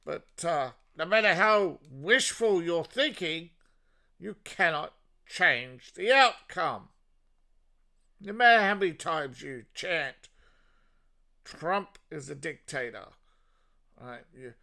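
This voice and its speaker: An Australian man hosts a solo political commentary monologue in a bright, forceful tone, mocking and ranting with slow, sarcastic delivery. His pitch swings widely with lively intonation, his voice sits slightly high for a man, and there's a creaky edge to it.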